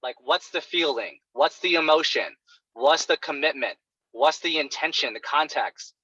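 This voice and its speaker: A man coaching others in sales technique, animated and demonstrative as he plays out client reactions. His voice is bright and pitched a little high. The sound is dry and dull, like lo-fi call audio. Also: normal speed, slightly rough, dry recording.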